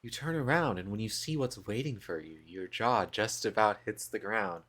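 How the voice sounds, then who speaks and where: A man's voice: fairly low pitch, moderate pace, fairly bright tone. A man streaming a dating game, reading its text aloud and joking with playful, self-mocking asides.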